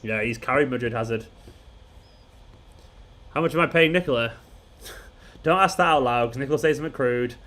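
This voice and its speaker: A man with a medium-pitched, fairly bright voice talks at a normal speed but pauses often. He hosts a football fan channel's casual live watchalong stream, rambling, chuckling, and restarting his sentences as he chats.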